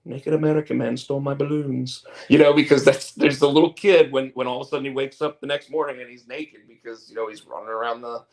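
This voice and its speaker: A man's voice: medium pitch, fairly even intonation, fast, few pauses. A man hosting a casual chat show, rambling and repeating words as he tells stories. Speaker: podcast host and comic artist.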